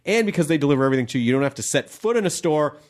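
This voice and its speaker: A man's voice: on the high side, animated, rapid-fire. Playful jokey male podcast host. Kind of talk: casual podcast chat and ad reads.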